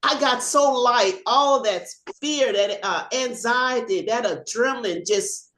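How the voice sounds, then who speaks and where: Animated older woman telling a story. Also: a little high, takes it slowly, echoey room. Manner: animated storyteller, acts out shouting and laughs. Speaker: retired police officer. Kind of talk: personal storytelling on a video call. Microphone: video call.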